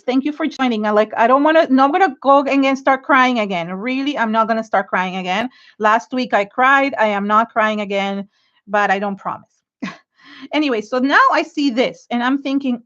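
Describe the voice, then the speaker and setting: A middle-aged woman chats her way through an art journaling livestream, restarting her sentences and gushing thanks at her viewers. She sounds teary and near crying, with a fairly high voice. The audio is dull and lo-fi. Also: fairly bright tone. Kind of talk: casual livestream chat while crafting.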